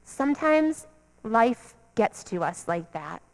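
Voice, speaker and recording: Woman, pastor, earnest repetitive sermon cadence, high voice, echoing sanctuary. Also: sing-song, slow pace, creaky. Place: church sanctuary. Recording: long church reverb.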